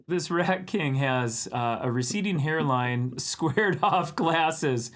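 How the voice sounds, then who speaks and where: A man hosting a livestream, chatting casually and excitedly about viewer drawings, laughing often. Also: on the high side, takes it slowly, few pauses. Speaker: livestream art show host.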